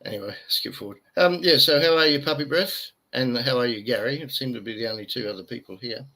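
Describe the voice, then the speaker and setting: A man's voice: mid-range voice, fast, bright, forceful tone, rough recording. An Australian man rambling and joking as co-host of a casual live stream, tired after little sleep. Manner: rambling, jokey, chatty. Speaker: livestream co-host. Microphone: webcam.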